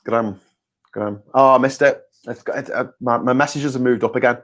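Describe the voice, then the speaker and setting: A man's voice: medium pitch, steady tone, brisk, a bit bright. A man, hosting a casual live chat, reading viewer messages and talking bluntly and sarcastically, with plenty of swearing. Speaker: host.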